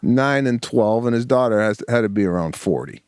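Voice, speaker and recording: A man co-hosting a podcast, casually telling an animated story and acting out the voices of the people in it. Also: on the low side, a little fast, clear, resonant tone, dry recording, clean studio sound. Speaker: podcast co-host.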